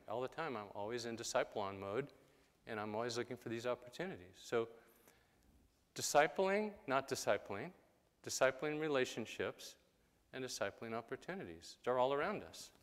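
Male preacher, mid-pitched, chatty delivery that slips into quick character voices, with a long hall echo. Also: lively intonation. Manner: conversational, acts out quick quoted voices. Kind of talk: sermon.

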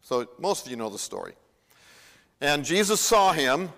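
A man's voice: a little high, very animated, moderate pace, bright, forceful tone. Man preaching in a reverberant hall. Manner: conversational, acts out the Bible dialogue. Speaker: pastor. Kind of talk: sermon. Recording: long reverb of a large hall.

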